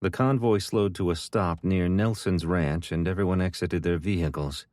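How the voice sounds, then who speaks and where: Deep-voiced male audiobook narrator. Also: moderate pace, hardly any pauses, no room sound, studio quality. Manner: steady, even reading. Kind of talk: scripted narration.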